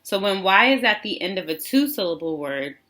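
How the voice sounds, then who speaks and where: A woman teaching a phonics lesson to children, enunciating slowly and repeating words for them to echo. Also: mid-range voice, sing-song, fairly bright tone. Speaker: literacy teacher.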